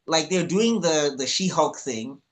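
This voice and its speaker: A man's voice: on the high side, expressive, measured pace. A man co-hosting a casual movie podcast, arguing his point in a thoughtful, hesitant way with many ums. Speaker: podcast co-host.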